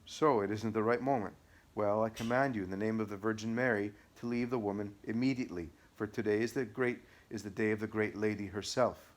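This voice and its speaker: A man's voice: fairly low pitch, fairly even intonation, a little fast, close to an everyday voice. A man reading the part of a stern, commanding exorcist priest in an audiobook. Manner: firm, commanding.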